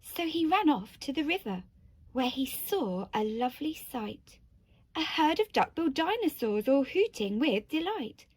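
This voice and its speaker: A woman teacher reading a picture book to children, gentle and asking them questions. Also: high-pitched, sing-song, unhurried, dry recording.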